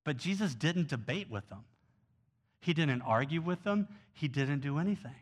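A man preaching a sermon in an earnest way, going from quiet, soft passages to loud, pressing ones. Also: on the high side, lively intonation, normal speed. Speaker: pastor.

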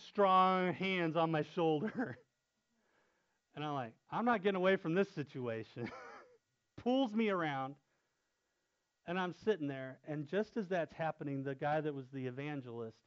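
A man's voice: fairly high pitch, smooth. A man, a youth pastor, telling a story in casual talk and laughing often as he goes. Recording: dull lo-fi sound.

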